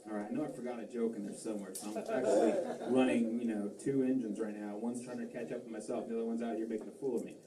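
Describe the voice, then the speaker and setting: A man's voice: medium pitch, level tone, quick pace, few pauses, heavy background noise. A man doing a stand-up comedy set, rambling and self-deprecating, with lots of fillers and restarts. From Massachusetts. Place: comedy club stage. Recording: roomy club sound from a distance, faint crowd ambience.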